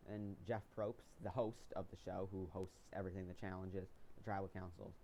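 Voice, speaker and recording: Low, mellow-voiced young man chatting. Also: moderate pace, vocal fry, slight background noise. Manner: chatty, lots of ums and restarts, excited retelling. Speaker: vlogger recapping a reality show. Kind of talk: casual storytelling commentary.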